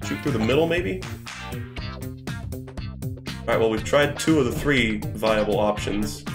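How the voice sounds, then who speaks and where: Casual male game streamer, talkative and profane, echoey room with faint music behind. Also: medium pitch. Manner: chatty, thinks aloud, swears casually. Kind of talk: live game-stream commentary.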